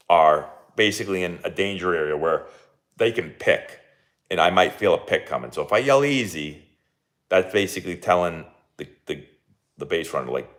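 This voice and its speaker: A man's voice: sits low, fairly bright tone. A young man, a baseball coach hosting a casual live watch-along and chatting with lots of fillers and laughs.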